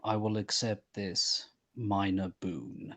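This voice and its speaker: Man playing a wary vampire, slow, flat, formal, low-ish voice. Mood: reserved. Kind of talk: tabletop role-play.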